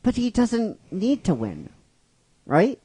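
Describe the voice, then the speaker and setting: A man's voice: high voice, wildly swooping pitch, takes it slowly, dark tone, husky, no room sound. A man casually retelling his own fan script, rambling and repeating himself, and often asking "right?" as he goes. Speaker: fan script writer and narrator.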